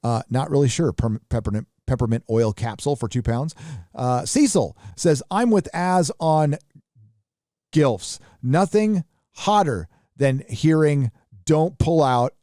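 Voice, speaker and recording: A man hosting a livestream reads viewer donations aloud, dropping quick offhand remarks between them. His voice is dark and mellow. It sounds close and dry, with no room around it. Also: mid-range voice, animated, no room sound. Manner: reads donor messages aloud with quick asides. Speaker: host reading viewer donations. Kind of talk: casual livestream chat.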